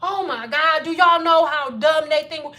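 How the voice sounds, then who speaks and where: A woman's voice: high-pitched, measured pace, pushed and bright. A woman hair care educator talking to viewers on a casual livestream, blunt and exasperated, with a lot of swearing. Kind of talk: casual livestream lesson and rant.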